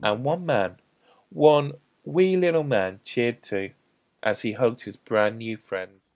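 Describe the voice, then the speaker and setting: A man telling a Bible story to children at a school assembly, theatrical with repeated refrains. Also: medium pitch. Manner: animated, repetitive refrains, theatrical pauses.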